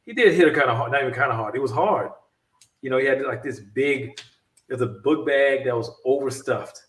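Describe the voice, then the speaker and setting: A man telling a long story in casual chat, animated and rambling, often restarting his sentences. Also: mid-range voice, brisk, reverberant, recorded from a distance. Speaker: podcast co-host.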